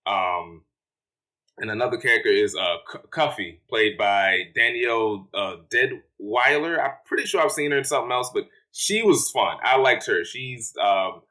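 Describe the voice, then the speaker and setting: A man's voice: lowish voice, lively intonation, moderate pace, sharp tone, low-quality recording. Casual male movie reviewer, rambling. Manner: rambling, lots of fillers and restarts.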